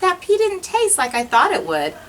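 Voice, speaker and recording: A woman teacher reading a rhyming children's picture book aloud in an expressive, sing-song way. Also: very high voice, moderate pace, far from the mic, slight background noise, rough recording.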